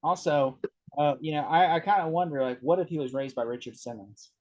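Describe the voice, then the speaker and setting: A man co-hosting a casual review podcast, jokey and quick to laugh. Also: on the high side, darkish tone. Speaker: podcast co-host.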